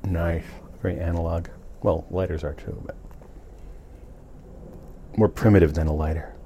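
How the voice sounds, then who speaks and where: A man hosting a podcast, talking to himself in a relaxed, chatty, self-amused way. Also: low-pitched, moderate pace, slight background noise. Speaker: podcast host. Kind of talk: casual rambling monologue.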